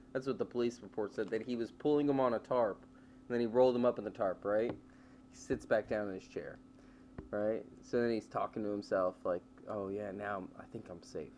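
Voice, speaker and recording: A man co-hosting a casual comedy podcast, telling a story in an animated way and acting out the voices. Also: mid-range voice, brisk, a little hiss or hum. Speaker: podcast co-host.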